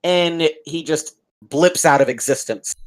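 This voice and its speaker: A man's voice: a little high, unhurried, low-quality recording. A man narrating as dungeon master, describing the scene vividly and rambling with fillers. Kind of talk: narrating a tabletop game.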